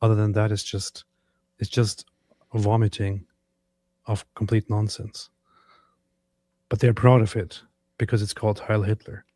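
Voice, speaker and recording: A man's voice: on the low side, flat delivery, a little slow, pauses often, mellow, no room sound, clean studio sound. A man co-hosting a casual reaction show, talking in an emphatic, sarcastic way. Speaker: co-host.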